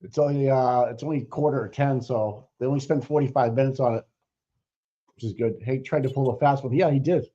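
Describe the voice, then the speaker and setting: A man's voice: mid-range voice, fairly quick, dark tone. A man with a Boston accent co-hosting a casual livestream, rambling and opinionated, with lots of fillers and easy laughter. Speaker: livestream co-host. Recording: dull lo-fi stream audio.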